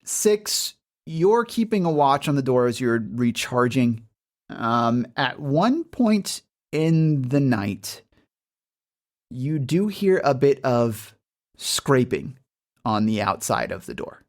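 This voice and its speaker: A game master narrating a tabletop game in a casual, animated way, with lots of filler words. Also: mid-range voice, takes it slowly.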